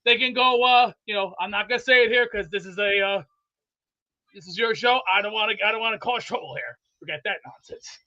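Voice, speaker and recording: A man with a very high, bright voice rambles boastfully about his team, excitable and a little winded. The recording sounds dull and lo-fi. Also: fairly quick. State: out of breath from exercise. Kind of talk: rambling comedic sports chat.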